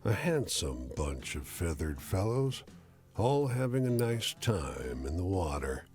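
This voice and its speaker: A man narrating a narrative game in a measured storyteller manner. His voice is low and unhurried, with a wide, expressive pitch range, over soft music. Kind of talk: scripted narration.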